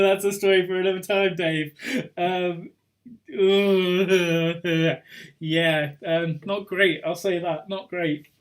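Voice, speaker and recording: A young man hosts a pub quiz, reading questions and drifting into rambling asides with little chuckles. His voice sits a touch higher than most men's. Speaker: quiz host. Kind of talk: live online pub quiz hosting.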